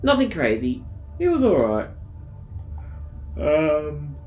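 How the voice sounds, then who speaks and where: Lively, swearing man vlogging. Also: fairly high pitch, slow pace, echoey room, faint music behind. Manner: rambling, profane and blunt. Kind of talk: casual diary vlog.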